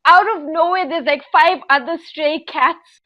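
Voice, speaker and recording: A woman on a podcast telling a rambling story in casual chat, animated and giggly with lots of fillers. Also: sits high, a little slow, no echo, highs cut off. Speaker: podcast co-host.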